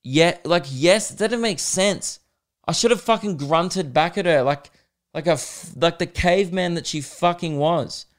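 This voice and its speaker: A young man, hosting a podcast and telling a comedic story in an animated, swearing way, laughing at his own jokes. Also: a little high, unhurried. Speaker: podcast host.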